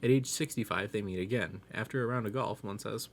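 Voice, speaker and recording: A man reads a string of jokes in a low, dry, even voice. A faint hiss sits under the recording. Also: brisk. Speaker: joke narrator. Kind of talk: scripted joke telling.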